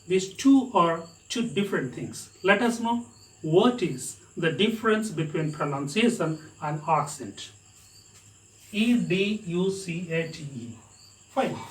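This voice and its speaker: Indian English male teacher, higher voice, spells words out and checks understanding, distant mic in a reverberant room. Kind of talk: recorded English lesson.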